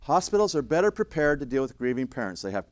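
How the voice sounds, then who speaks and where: Blunt middle-aged guy teaching a class, pitch all over the place, dry mic. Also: very animated, fast talker, no echo. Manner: blunt, conversational, acts out quoted voices. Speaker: trainer of emergency responders. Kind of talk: classroom lecture with stories.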